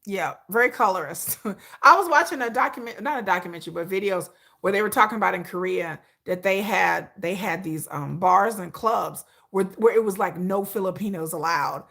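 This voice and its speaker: Bright, animated woman chatting on a livestream. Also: medium pitch, gravelly. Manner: animated, repetitive, talks straight to viewers. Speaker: livestream host. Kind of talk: casual livestream chat.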